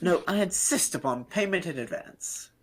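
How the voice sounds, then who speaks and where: A woman reading aloud the lines of a pompous, formal male detective from a game in a measured, stately way. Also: on the low side, animated, a little hiss or hum, natural voice. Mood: grandly formal.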